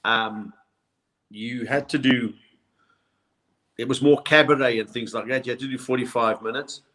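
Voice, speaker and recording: An older South African comedian, a man in his sixties, spins anecdotes as a podcast guest. His pitch sits right in the middle for a man. He keeps his stories moving and drops into accents to land the punchlines. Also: moderate pace. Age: 60s. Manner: lively storyteller who slips into accents for punchlines. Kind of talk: anecdotal storytelling in a podcast interview.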